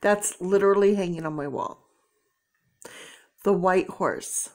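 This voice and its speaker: A woman's voice: on the low side, measured pace. A middle-aged woman reading tarot cards to camera in a casual, emotional way, exclaiming and thinking aloud, tearful. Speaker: tarot reader.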